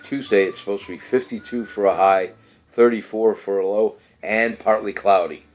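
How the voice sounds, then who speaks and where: A man's voice: on the low side, steady tone, moderate pace. A middle-aged man, hosting a casual show and rambling through birthdays and weather with many fillers and restarts. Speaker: radio-style show host.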